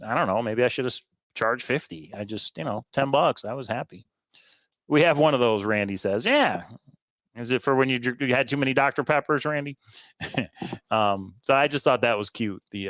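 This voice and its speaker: A livestream co-host with a mid-range, fairly bright voice chats upbeat about items he sold and answers viewer comments, throwing in quick asides and chuckles. The recording is dry, with no echo.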